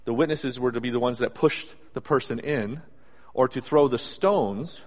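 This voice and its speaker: A man preaching a sermon in a conversational, animated storytelling way, acting out asides as he goes. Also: medium pitch, normal speed. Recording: long hall reverb.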